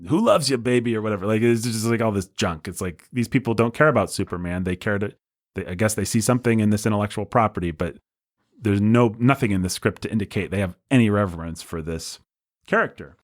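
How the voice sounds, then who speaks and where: A man's voice: fairly low pitch, fast, no echo, studio quality. A man hosting a podcast, telling film history as a casual, enthusiastic storyteller. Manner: enthusiastic storyteller, breezy and conversational. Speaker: podcast host.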